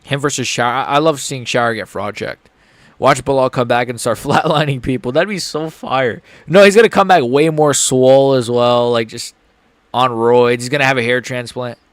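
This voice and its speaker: A young man streaming a live fight reaction, excitable, joking and profane. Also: medium pitch, moderate pace, no echo.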